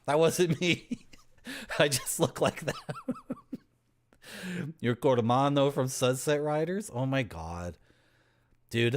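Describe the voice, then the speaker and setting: A man's voice: medium pitch, a bit bright. A man from Toronto, chatting and joking with his chat while playing a game, laughing often. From Toronto, Canada. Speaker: streamer. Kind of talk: casual gameplay commentary.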